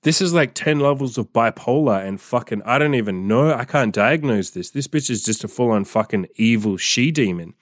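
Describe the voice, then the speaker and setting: A man's voice: mid-range voice, expressive, normal speed, hardly any pauses, dry recording, studio quality. A young man telling a story from his diary in a casual podcast monologue, swearing often and reacting aloud as he reads. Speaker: podcast host reading his old diary.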